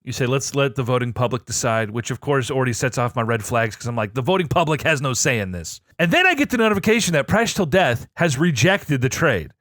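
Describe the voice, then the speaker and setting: Man, podcast co-host, animated storyteller, lively pitch, profane, dry sound. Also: brisk, hardly any pauses, dry recording. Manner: excitable, profane, swings between low asides and loud outbursts.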